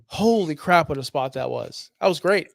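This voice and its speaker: Man, fairly high voice, enthusiastic podcast chat, dry sound. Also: expressive, moderate pace, creaky, no echo. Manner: enthusiastic, casual. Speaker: podcast co-host.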